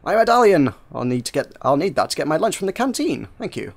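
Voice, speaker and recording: A man voicing a gruff woman mechanic with a Yorkshire accent, grumbling as he reads a game aloud. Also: a little high, big pitch swings, fast, heavily acted. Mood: chatty.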